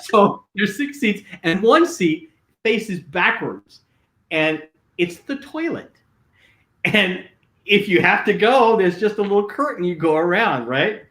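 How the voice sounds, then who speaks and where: A man's voice: sits high, animated, takes it slowly, fairly bright tone. An older man, a guest, telling stories animatedly with lots of fillers and restarts. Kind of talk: casual storytelling. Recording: roomy echo.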